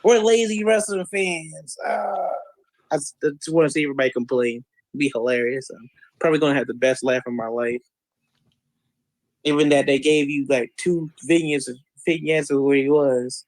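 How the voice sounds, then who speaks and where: A man in casual podcast chat, rambling and joking, who breaks into loud mocking voices when he imitates fans. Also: medium pitch, fairly even intonation, a little fast, no room sound, low-quality recording. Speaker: podcast guest.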